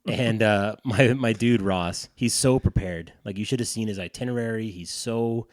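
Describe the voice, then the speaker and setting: A man co-hosting a podcast, telling an animated, profane story in casual chat. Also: on the low side, normal speed, no room sound, clean studio sound. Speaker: podcast co-host.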